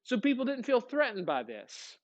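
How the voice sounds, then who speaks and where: A man teaching a history lesson to a class, lively and questioning, often checking in with his students. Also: extremely high pitch, normal speed, dull audio. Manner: energetic, asks questions to the class. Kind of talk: classroom lecture.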